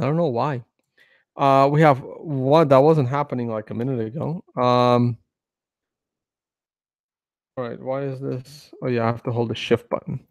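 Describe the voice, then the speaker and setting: A man's voice: mid-range voice, fairly even intonation, moderate pace, long pauses, a little mellow, no echo. A man hosting a casual trading video, talking through charts in a rambling way, with many fillers and restarts. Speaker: crypto trading video host. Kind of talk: casual chart analysis commentary.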